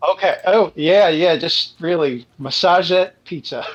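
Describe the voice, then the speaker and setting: A man in relaxed, chatty banter as co-host of a live comedy stream. His mic sounds dull and lo-fi, with the top end muffled. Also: on the high side, slow pace, slight background noise.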